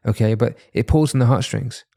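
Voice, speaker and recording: A man's voice: medium pitch, fairly quick, gravelly, warm tone. A man from London, a masculinity coach talking as a podcast guest in an earnest, reassuring, reflective way. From London, England. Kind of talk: casual podcast conversation.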